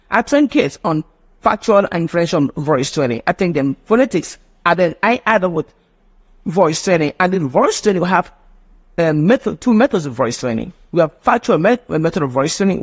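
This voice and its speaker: Nigerian guy running a live phonetics class online, high voice, keeps repeating stuff as he explains. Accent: Nigerian English. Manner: repetitive, explanatory lecturing. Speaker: phonetics teacher.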